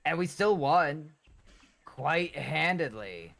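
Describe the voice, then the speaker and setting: A man's voice: a little high, sing-song, slow, creaky, fairly bright tone. A man chatting casually while gaming with a friend, rambling and playfully sarcastic. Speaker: co-op gaming partner.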